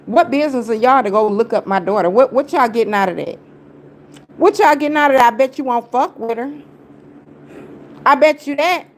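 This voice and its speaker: A woman's voice: on the high side, animated, brisk, pauses often. Heated, taunting woman livestreamer. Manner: confrontational, repetitive, taunting; heavy slang, talks straight at viewers. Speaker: livestreamer answering critics.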